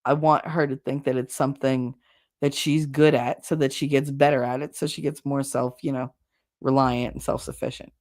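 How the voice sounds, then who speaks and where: Low-voiced New Jersey woman, going hoarse. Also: little pitch movement, normal speed, a little mellow. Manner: chatty, rambling, blunt with swearing. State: going hoarse from long talking. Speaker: livestream host reading chat. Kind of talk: casual chat.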